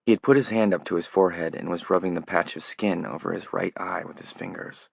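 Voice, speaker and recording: A man narrating an audiobook in a measured, low-key way. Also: steady tone, creaky, breathy edge, dry recording. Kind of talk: scripted narration. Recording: dull lo-fi recording, dry.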